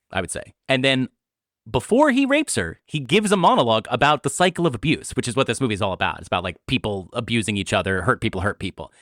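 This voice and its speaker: A man's voice: mid-range voice, no room sound, clean studio sound. A man co-hosting a podcast, talking casually and argumentatively about a film, often restarting his sentences. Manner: animated, argumentative, stammers on restarts. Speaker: podcast co-host.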